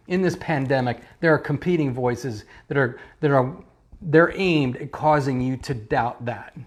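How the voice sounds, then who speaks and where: A man, a pastor, preaching an online sermon with emphatic repetition and rhetorical questions. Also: medium pitch. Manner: emphatic, repeating key phrases, rhetorical questions. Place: church, streamed online.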